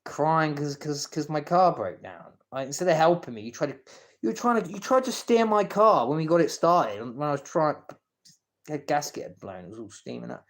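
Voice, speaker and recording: A man's voice: on the high side, animated, normal speed. Stammering, foul-mouthed man ranting on a live stream. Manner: stammering, repeats words and restarts sentences; coarse, confrontational, swears at people he names. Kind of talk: rambling live-stream rant.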